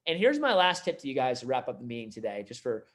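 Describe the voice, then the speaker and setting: A man running a sales team meeting, giving an energetic motivational talk full of "like" and "you know". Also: mid-range voice, fast talker.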